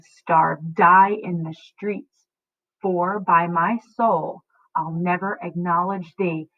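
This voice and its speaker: A woman voicing a furious, domineering older lord scolding his daughter, loud and commanding. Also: no room sound. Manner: booming, commanding, threatening. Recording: tinny phone-like audio.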